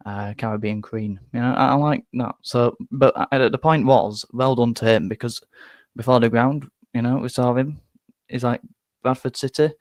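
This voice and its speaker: A man's voice: on the low side, no echo. Rambling man hosting a football live stream. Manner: rambling, self-deprecating, many restarts. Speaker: football fan channel host. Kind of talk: live stream match reaction.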